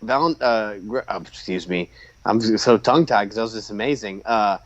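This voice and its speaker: A man co-hosting a podcast, chatting casually while watching wrestling and reacting with excited outbursts and frequent laughter. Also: on the low side, normal speed. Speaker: podcast co-host. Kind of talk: casual watch-along chat. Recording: dull lo-fi recording.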